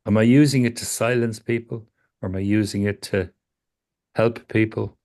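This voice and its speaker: Male therapist, low voice, calm and probing, repeats his questions. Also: normal speed. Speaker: psychotherapist. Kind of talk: therapy session conversation.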